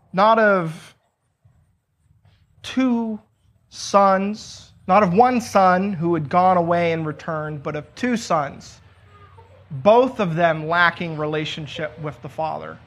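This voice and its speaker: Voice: mid-range voice, slow, long pauses. Here is a preacher walking listeners through a scripture passage with an easygoing, chatty delivery. The story is retold in plain everyday words, with rhetorical questions tossed out to the listeners along the way. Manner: conversational, asks rhetorical questions. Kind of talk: conversational Bible teaching.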